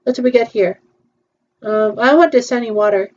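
A woman's voice: a little high, normal speed, lo-fi sound, a little hiss or hum. A woman chatting casually through a virtual theme-park tour, hesitant and playful, with frequent ums.

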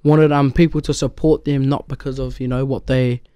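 A man's voice: mid-range voice, flat delivery, normal speed, warm tone, clean tone, dry recording, clean studio sound. A young man with a New Zealand accent, an actor chatting loosely in an interview, full of "like" and "um". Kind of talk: casual interview chat.

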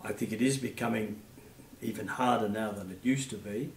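An Australian man in his eighties, a retired puppeteer, telling gentle stories in an interview with many fillers. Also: lowish voice, moderate pace, far from the mic, slight background noise. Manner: gentle anecdotal storytelling, frequent fillers. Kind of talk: reminiscing interview. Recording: echoey room, off-mic.

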